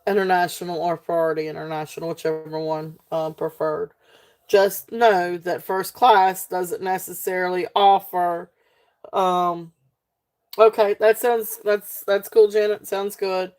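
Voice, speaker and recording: A woman's voice: fairly low pitch, little pitch movement, a little slow, a little mellow. A woman from Virginia with a Southern accent, hosting a live jewelry sale in a chatty, casual way full of fillers. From South Central Virginia, USA. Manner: chatty, many fillers, thanks viewers by name. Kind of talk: casual live-stream sales talk.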